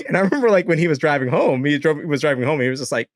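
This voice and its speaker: A man's voice: a little high, lively intonation, rapid-fire, no room sound, studio quality. A young man casually telling dating stories to a live chat, laughing often, swearing and acting out quotes. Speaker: streamer.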